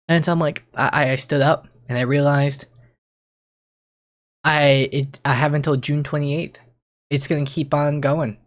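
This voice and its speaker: A young man talking casually to camera as a streamer, rambling and excitable, often restarting his sentences and jumping in pitch when he gets worked up. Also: a little slow, long pauses. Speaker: streamer and YouTuber. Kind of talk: casual vlog monologue.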